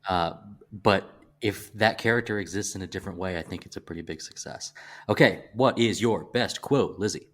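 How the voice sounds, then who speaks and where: Low-voiced thoughtful Southern man. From American South. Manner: halting, restarts often, thoughtful. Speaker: podcast co-host. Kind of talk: casual movie discussion.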